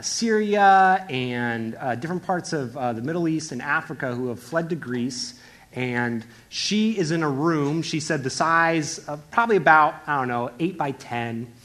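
A young man giving a casual, animated sermon, acting out the voices in the story as he retells it. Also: high-pitched.

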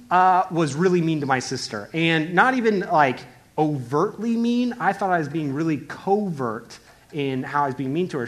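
A young man giving a casual, animated sermon, acting out the voices in the story as he retells it. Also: on the high side.

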